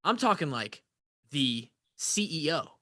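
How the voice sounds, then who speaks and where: Bright-voiced young man telling a story. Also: fairly high pitch, a little slow, dry recording, clean studio sound. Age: young adult. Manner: animated, profane, laughing. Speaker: podcast co-host. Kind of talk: casual storytelling.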